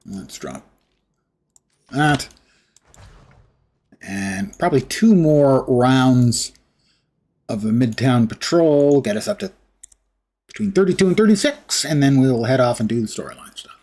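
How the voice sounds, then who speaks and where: Husky sarcastic man streaming a game. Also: medium pitch, animated, unhurried, pauses often, a little mellow. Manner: sarcastic, wry asides to chat. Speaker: livestream gamer. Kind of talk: casual gameplay commentary.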